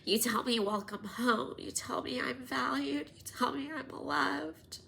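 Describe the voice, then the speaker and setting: A woman in her thirties hosting a podcast, telling personal stories in an animated, casual way, sometimes dropping to near-whispers. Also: high voice, unhurried, gravelly, slight background noise. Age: 30s. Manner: animated, drops to near-whispers and laughs often. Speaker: podcast host.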